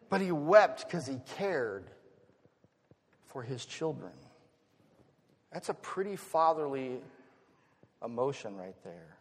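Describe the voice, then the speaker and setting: A middle-aged man preaching a sermon as pastor, dropping to a hush and then rising loud in an expressive delivery. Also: medium pitch, normal speed. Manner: expressive, swinging from hushed to loud. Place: church sanctuary. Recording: long reverb of a hall.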